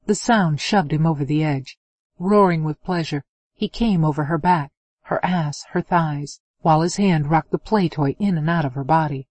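Steady woman audiobook narrator, dry sound. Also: sits low, moderate pace, slightly rough, no room sound. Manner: steady, expressive reading. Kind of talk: scripted narration of an adult romance novel.

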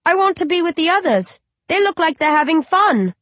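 A high, chirpy little voice for an eerie mutant baby, sweet and innocent in a storybook reading, as a woman puts it on. The sound is dry and close, with no room around it. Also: very animated, fairly quick, fairly bright tone, no room sound, exaggerated voice. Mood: eager. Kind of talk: audiobook character voice.

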